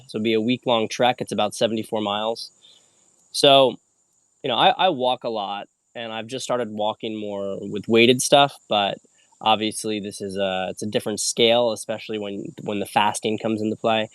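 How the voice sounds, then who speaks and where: A man's voice: lowish voice, dry recording. A young man hosting a casual solo video, chatting about an upcoming trek and then teaching a wine lesson, a little tired and rambling with many restarts. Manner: rambling, self-correcting, conversational teaching. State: a little tired after a long hike. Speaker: host.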